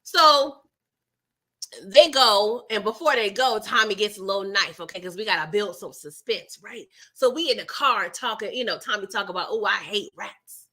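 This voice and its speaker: Woman host with a bright, sharp voice, telling a show recap in a slangy, expressive way. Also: medium pitch, normal speed. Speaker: TV recap vlogger. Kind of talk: casual episode recap commentary.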